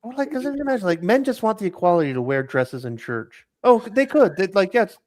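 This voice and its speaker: Sarcastic man with a lively voice. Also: sits high, quick pace, dry recording, studio quality. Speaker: podcast co-host. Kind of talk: casual chat.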